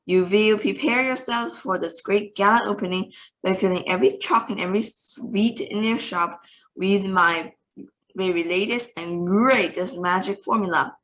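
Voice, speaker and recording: This is a tiny, ferocious witch leader who rules by shouting and shrieking, voiced by a woman reading aloud. She is commanding and scornful, bossing her listeners about in a storybook voice. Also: mid-range voice, normal speed, lo-fi sound, close to an everyday voice. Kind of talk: read-aloud storybook acting.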